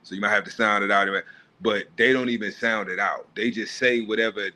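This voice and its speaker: A man hosts a live stream with a casual, profane rant. His voice sits on the low side but comes across bright and forceful. He mocks, restarts his sentences and laughs at his own jokes. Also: steady tone, brisk. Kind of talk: casual commentary monologue.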